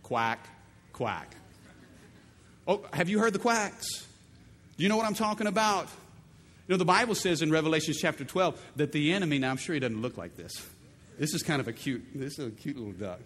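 Middle-aged pastor guy preaching, high voice all over the place, big echoey church. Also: fast. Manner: animated, call-and-response preaching with playful voices. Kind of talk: sermon. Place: large church auditorium. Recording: long reverb of a big hall.

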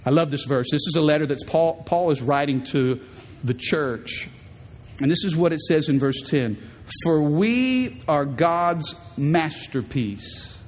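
A man's voice: a little high, animated, unhurried, big-room sound, slight background noise. A man preaching a sermon as pastor, emphatic, prompting the congregation to repeat words back. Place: large church auditorium.

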